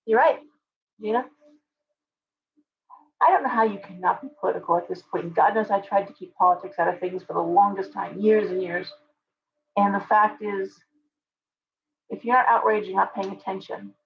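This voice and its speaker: A woman's voice: medium pitch, dull audio, a little hiss or hum. A woman hosting a live stream, answering chat viewers by name in an opinionated, ranting way. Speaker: livestream host.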